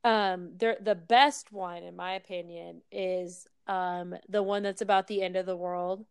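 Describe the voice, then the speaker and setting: A woman's voice: on the low side, steady tone, unhurried, clear, resonant tone, no room sound. A young woman in casual chat, gushing emphatically with some hesitant ums.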